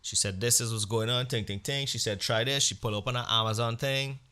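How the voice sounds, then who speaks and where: A man telling crude comic stories as a podcast host, acting out exchanges with sudden jumps in pitch and volume. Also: steady tone, brisk, sharp tone, smooth. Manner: blunt and crude. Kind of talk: comic storytelling monologue.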